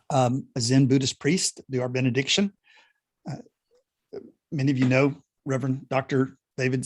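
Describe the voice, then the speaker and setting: Halting male pastor introducing a guest. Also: medium pitch. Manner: halting, with many fillers and restarts. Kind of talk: casual introduction in a service.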